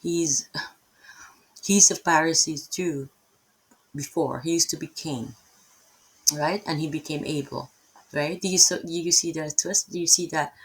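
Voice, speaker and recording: A woman giving an informal Bible lesson, rambling with many pauses and tag questions. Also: deep voice, breathy edge, low-quality recording. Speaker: Bible teacher.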